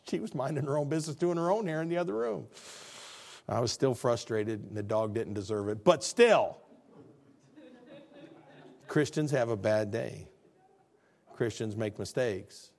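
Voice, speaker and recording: A pastor preaches a sermon in a conversational style, his voice swinging between low, quiet stretches and loud, high ones.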